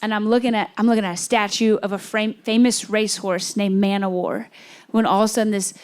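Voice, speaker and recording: A woman's voice: medium pitch, fairly even intonation, a little fast, darkish tone, smooth. A young woman from Kentucky performing a stand-up comedy set, telling a story with playful quoted voices. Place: comedy club stage with audience.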